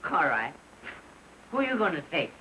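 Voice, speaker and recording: A man playing a rambling, sentimental comic storyteller in a 1930 film comedy sketch, halting and mock-tearful. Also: on the high side, very animated, pushed and bright, a little hiss or hum, poor audio.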